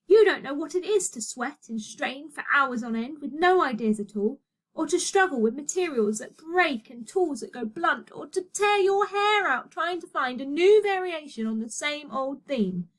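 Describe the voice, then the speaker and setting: Storybook role: a despairing young apprentice, bitter and anguished, his voice swinging up high and wide, read by a woman. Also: expressive, moderate pace.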